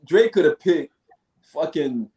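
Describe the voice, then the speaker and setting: A man's voice: fairly high pitch, animated, slow pace, warm tone, roomy sound. A man hosting a casual sports podcast, keeping the show moving while laughing and teasing his co-hosts. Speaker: podcast host.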